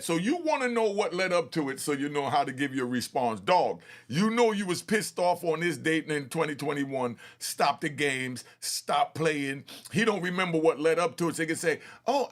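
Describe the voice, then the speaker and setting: A man's voice: a little high, a bit bright. A man hosting a commentary channel, mocking courtroom footage in slangy, scornful street talk. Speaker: host reacting to courtroom footage.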